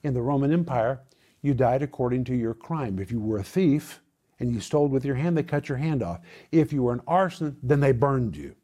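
A man preaching a sermon, addressing listeners as his friends with dramatic swings in pitch. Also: animated, brisk, dark tone.

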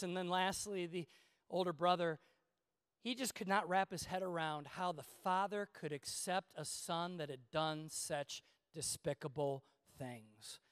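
A man preaching a sermon in a church, moving from quiet, low asides to loud, impassioned pleading. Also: clean tone, dry recording, studio quality. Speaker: pastor.

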